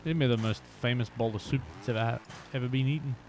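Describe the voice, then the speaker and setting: A man's voice: medium pitch, quick pace, noisy background. Chatty male game streamer. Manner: chatty, self-deprecating, bursts into shouts. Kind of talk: live stream commentary.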